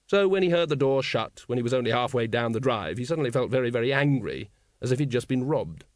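A man's voice: medium pitch, animated, fast talker, no echo, studio quality. A man reading a comic novel aloud, narrating expressively and voicing the characters. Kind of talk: audiobook narration with voiced characters.

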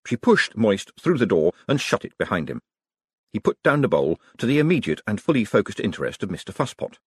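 A man doing wry, animated audiobook narration. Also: fairly low pitch, a little fast, slightly rough, no room sound, clean studio sound.

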